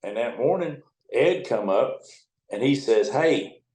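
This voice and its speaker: An older American man, a retired river towboat captain, tells folksy, salty, profane stories in a casual, conversational way, acting out other people's lines in quotes. His medium-pitched voice is a little mellow, unhurried, and lively in intonation, recorded with roomy echo.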